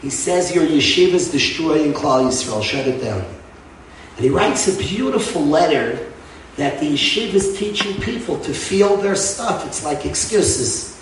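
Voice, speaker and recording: A middle-aged man heading a yeshiva gives an impassioned speech to a crowd, swinging from loud outbursts to hushed words. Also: a little high, lively intonation, moderate pace, far from the mic, slight background noise. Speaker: yeshiva head. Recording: echoey hall, mic from afar.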